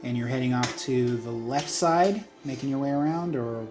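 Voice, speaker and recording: A man running a tabletop game as game master, narrating the scene and answering players with a relaxed, hesitant manner. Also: medium pitch, moderate pace, music in the background. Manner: easygoing, hesitant with ums.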